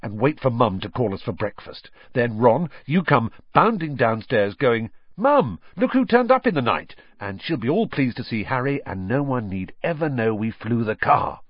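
A man's voice: medium pitch, very animated, normal speed, hardly any pauses, no echo, muffled recording. A man doing Fred Weasley, a scheming teen wizard. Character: mischievous teenage wizard boy, scheming.

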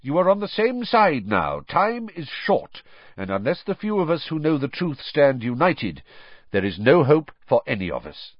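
Brief: a man doing a calm old wizard headmaster for an audiobook, measured and raised in pitch, dry and lo-fi. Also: no room sound. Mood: grave. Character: wise old male headmaster, calm, commanding. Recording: dull lo-fi recording.

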